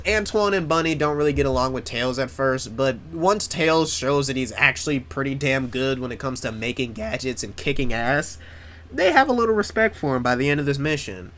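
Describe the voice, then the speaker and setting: A man's voice: mid-range voice, expressive, normal speed, a bit bright. A man in casual chat, rambling with plenty of restarts, swearing freely and mocking himself. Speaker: video creator.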